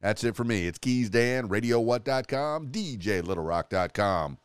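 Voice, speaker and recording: Smooth-voiced male podcast host. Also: on the low side, animated, normal speed, no room sound. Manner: rambling and playful, many restarts. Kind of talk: casual podcast interview sign-off.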